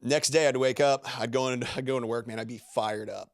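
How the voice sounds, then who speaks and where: A man's voice: medium pitch, fairly even intonation, quick pace, hardly any pauses, no echo, studio quality. A man speaking as a guest on a podcast, in loose, rambling conversation full of filler words and restarts. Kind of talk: casual interview talk.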